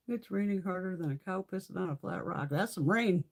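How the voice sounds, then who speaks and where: Husky, foul-mouthed woman telling a story. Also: fairly low pitch, normal speed. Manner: profane, animated storytelling with frequent laughs. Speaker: beauty vlogger. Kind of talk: casual live-stream chat.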